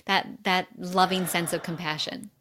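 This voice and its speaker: A woman's voice: lowish voice, steady tone, unhurried, a bit bright, slight background noise. A woman guest speaking as a mindset coach, explaining her ideas earnestly in a casual interview. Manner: earnest and explanatory, with fillers like "right?".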